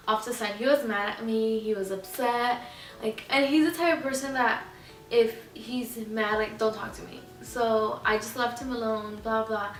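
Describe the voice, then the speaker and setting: A young adult woman telling a rambling, animated story in a casual vlog, acting out what others said. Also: on the high side, far from the mic. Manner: rambling, animated retelling that acts out other people's lines. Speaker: vlogger. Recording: echoey room, voice a bit off-mic, faint music.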